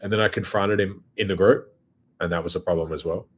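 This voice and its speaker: A man's voice: sits low, fairly even intonation, fairly quick, breathy edge. A man hosting his own show, talking in a blunt, profane, casual monologue. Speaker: host.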